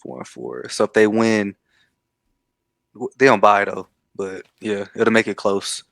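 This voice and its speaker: A man with a somewhat low voice talks sports picks bluntly and with conviction. He swears freely and sounds completely sure of his calls. The sound is dry and close. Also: lively intonation, measured pace, creaky, fairly bright tone, no room sound. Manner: emphatic and blunt, swears freely, confident predictions. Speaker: co-host. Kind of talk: casual sports betting chat.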